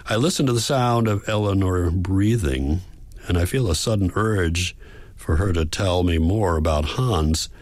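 A man reading a first-person audiobook in a measured, reflective way. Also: deep voice, a little mellow, dry recording. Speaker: audiobook narrator.

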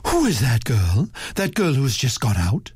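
A man voicing a distressed young woman who speaks sharply, in a husky voice. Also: medium pitch, wildly swooping pitch, moderate pace, a little mellow, dry recording, studio quality, full character voice. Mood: shocked.

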